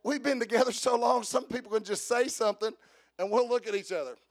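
An extremely high-pitched man preaches an Easter sermon, beginning with quiet jokes to the congregation in church and climbing into loud, drawn-out preaching.

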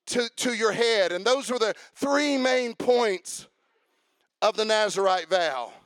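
A male preacher with a high voice, delivering a sermon in a church. He talks emphatically, hammers his points through repetition, and rises into shouted proclamations. The sound is dry and close. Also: expressive, slow, no echo. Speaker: pastor.

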